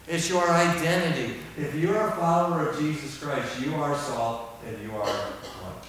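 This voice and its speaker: Older pastor preaching in an echoey hall. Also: male voice, a little high, measured pace. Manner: emphatic preaching that swings from quiet to loud. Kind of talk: sermon. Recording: echoey hall from far off, faint hiss.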